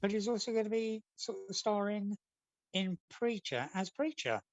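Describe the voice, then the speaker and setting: A man's voice: sits high, animated, moderate pace, no echo, poor audio. A man, a comic artist being interviewed, telling long rambling anecdotes in a casual chat. He slips into the voices of the people in his stories. The sound is dry, with no room around it. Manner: chatty, rambling storyteller acting out quotes.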